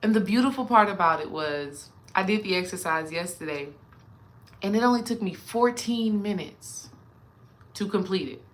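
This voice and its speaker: A woman's voice: medium pitch, lively intonation, moderate pace. A woman spiritual coach talking casually and animatedly to her viewers, addressing them directly.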